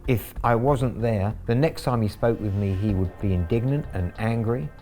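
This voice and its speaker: A man's voice: lowish voice, normal speed, warm tone, soft background music. A middle-aged man telling the story of baiting a scammer, in a wry, gleeful interview manner. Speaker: scambaiter.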